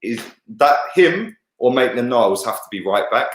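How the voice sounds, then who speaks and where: A man's voice: medium pitch, expressive, normal speed, roomy sound. A man giving blunt, heated football opinions, peppered with "yeah" and "bruv". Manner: blunt, sweary, keeps saying "yeah" and "bruv". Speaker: co-host football pundit.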